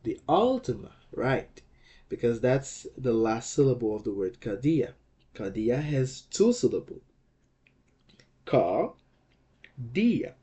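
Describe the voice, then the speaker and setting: A man's voice: medium pitch, very animated, slow, pauses often, warm tone. A man teaching a language lesson, patiently explaining rules, sounding out words syllable by syllable and often checking in with "okay?". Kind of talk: slow explanatory lecture.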